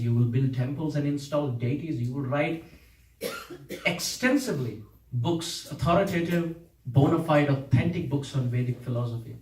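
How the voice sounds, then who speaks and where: A spiritual teacher delivers a devotional lecture, recounting a saints' story through dramatic, emotional dialogue. His voice is medium-pitched and mellow, heard from a distance in an echoey room.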